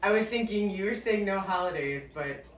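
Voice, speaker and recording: A woman's voice: medium pitch, a little fast. A woman in her forties co-hosting a home cooking show, chatting and giggling. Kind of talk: casual chat. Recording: echoey room with faint noise, distant mic.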